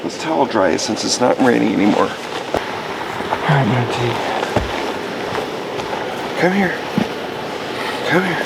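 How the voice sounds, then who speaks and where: A man filming a camping vlog in the woods, talking slowly with a gravelly edge. His pitch swoops up high when he coaxes his dog. The recording carries clear outdoor noise. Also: big pitch swings. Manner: coaxing a dog in a sing-song voice. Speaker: outdoor vlogger.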